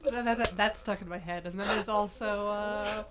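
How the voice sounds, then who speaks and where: A woman's voice: mid-range voice, steady tone, normal speed, heavy background noise. A woman co-hosting a live stream, making wry, teasing remarks in casual chat. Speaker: stream co-host.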